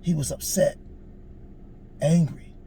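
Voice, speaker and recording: On a street interview show, a man in his forties tells a personal story in a casual yet earnest way, adding emphatic, preachy asides. His fairly high voice is warm, slow, and fairly even in intonation, with slight background noise.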